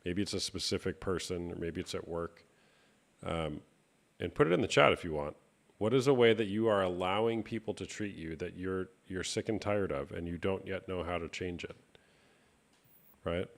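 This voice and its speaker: A man hosting a live stream chat, speaking in a calm, reflective coaching tone. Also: low voice, normal speed, gravelly. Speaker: host.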